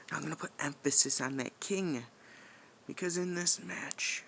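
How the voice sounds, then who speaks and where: In character for a wrestling promo, a man talks menacingly in a high, sharp, tense voice that is sing-song and creaky. He drags his words out slowly, taunting and cursing in profane trash talk, swinging from loud outbursts to hushed, threatening whispers.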